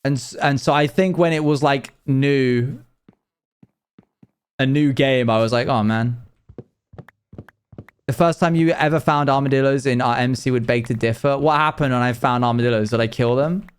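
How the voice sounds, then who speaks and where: A man's voice: mid-range voice, moderate pace, smooth. A young man casually chatting with his stream viewers, telling rambling stories with frequent laughs. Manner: rambling, laughing, self-deprecating storytelling. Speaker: live streamer.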